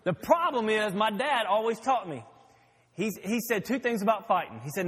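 A man's voice: sits high, lively intonation, normal speed, a bit bright, slightly rough, big-room sound. A man preaching a sermon as pastor, telling stories in a folksy way. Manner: folksy storytelling.

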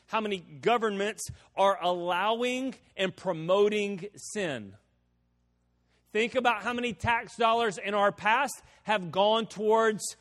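Male pastor, high-pitched, emphatic sermon delivery, reverberant hall. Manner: preaching with sudden loud emphatic swells.

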